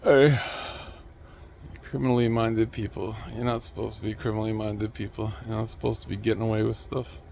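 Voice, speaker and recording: A man's voice: on the low side, little pitch movement, fast talker, gravelly, few pauses, warm tone, slight background noise. A man talking to the camera at home in a rambling, restless solo monologue, with chuckling asides and remarks to his cat. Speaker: vlogger.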